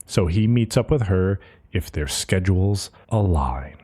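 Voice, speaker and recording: Young male podcast co-host, lively, animated delivery, recaps scenes with quick character voices. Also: sits low, slightly rough. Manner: retells scenes, briefly voicing characters. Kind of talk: casual anime recap chat.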